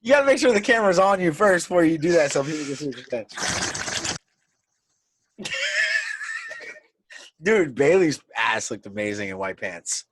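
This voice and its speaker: A young man co-hosting a podcast, talking crudely and loudly and laughing often. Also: a little high, very animated, fast, few pauses, no echo. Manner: loud, profane, laughs often. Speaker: podcast co-host. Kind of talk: crude casual chat. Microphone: desk microphone.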